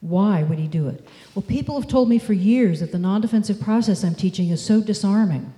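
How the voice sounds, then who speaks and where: A woman giving a conference talk, telling stories in a measured, demonstrative way. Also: medium pitch, warm tone. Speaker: speaker. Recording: echoey hall.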